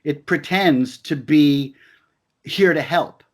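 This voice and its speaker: A man's voice: a little high, slow pace. A man in a heated conversational discussion, talking emphatically and repeating his points with stammered restarts.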